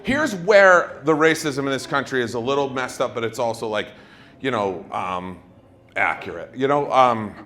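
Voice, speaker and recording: A male stand-up comedian doing loud, teasing crowd work on a club stage. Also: medium pitch, lively intonation, moderate pace. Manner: loud, brash, teasing the audience. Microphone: handheld stage mic. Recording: live club with crowd laughter. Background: audience laughter.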